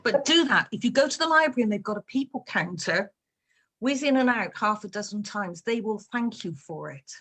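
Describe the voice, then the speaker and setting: A woman's voice: mid-range voice, expressive, a little fast, fairly bright tone, husky. A woman from England, an author chatting casually about her life and work, telling playful stories with plenty of fillers. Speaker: author answering reader questions. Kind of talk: casual chat.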